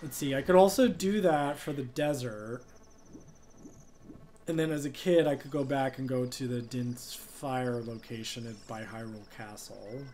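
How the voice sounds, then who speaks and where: A man's voice: medium pitch, a little slow, darkish tone, a little hiss or hum. Rambling young man streaming a game. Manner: rambling, heavy use of "like" and "um". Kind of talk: casual live gameplay chat.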